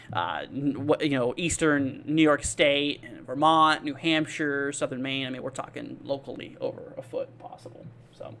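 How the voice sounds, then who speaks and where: A man's voice: a little high, fairly bright tone. Laid-back man hosting a weather stream. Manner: rambling, filler-heavy, reads viewer comments aloud. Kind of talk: casual live weather commentary.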